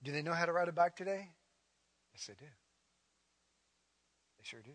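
A middle-aged man preaching a sermon as a pastor, building to loud, emphatic declarations and then easing into a soft, guided prayer. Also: on the high side, lively intonation, moderate pace, dry recording.

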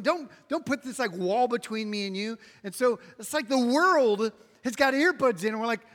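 High-voiced preacher in a reverberant hall. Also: male voice, moderate pace, few pauses. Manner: emphatic, repetitive preaching with sudden loud and soft swings. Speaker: pastor. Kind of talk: sermon. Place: large room with an audience.

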